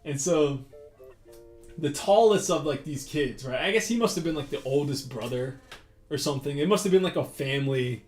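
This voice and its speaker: A man's voice: a little high, moderate pace. A man telling a rambling, profane anecdote in casual chat while he draws, full of fillers and retold dialogue. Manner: profane, rambling, animated retelling with many fillers. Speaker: artist hosting a drawing stream. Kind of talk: casual storytelling while drawing. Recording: roomy echo with faint guitar music.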